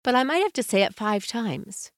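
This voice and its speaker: A woman hosting a podcast, speaking in a gentle, soothing way and slowly guiding the listener through calm advice. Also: fairly high pitch, no echo, studio quality. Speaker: podcast host.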